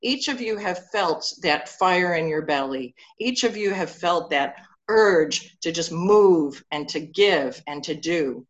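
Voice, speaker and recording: A woman's voice: lowish voice, animated, slow, hardly any pauses, muffled recording. A woman priest giving a sermon in church, telling personal stories in a conversational way.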